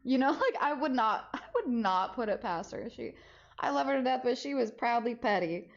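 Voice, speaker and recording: A young woman streamer casually telling a story, animated and swearing freely, acting out the voices of people she quotes. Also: fairly high pitch, moderate pace. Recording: slightly dull lo-fi audio.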